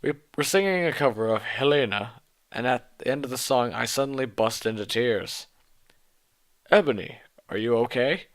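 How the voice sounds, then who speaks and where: Brief: man, mid-range voice, mock-earnest fan fiction reader with deadpan asides. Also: mid-range voice, normal speed. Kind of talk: dramatic reading of fan fiction.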